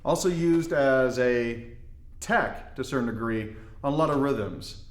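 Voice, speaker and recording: Relaxed man teaching drum technique. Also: mid-range voice, unhurried, roomy sound, faint music behind. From Indiana. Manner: relaxed, explanatory, folksy asides. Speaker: darbuka teacher. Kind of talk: instructional demonstration.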